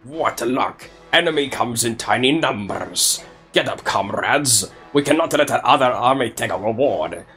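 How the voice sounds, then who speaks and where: A man's voice: mid-range voice, animated, moderate pace, pushed and bright, soft background music. A man putting on a mock villain voice for a boastful male enemy army commander in a video game, speaking in broken grammar. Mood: gloating.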